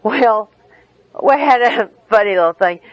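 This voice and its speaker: A woman's voice: on the high side, expressive, a little slow, no room sound, rough recording. A middle-aged woman giving a candid, humorous personal talk at a recovery meeting.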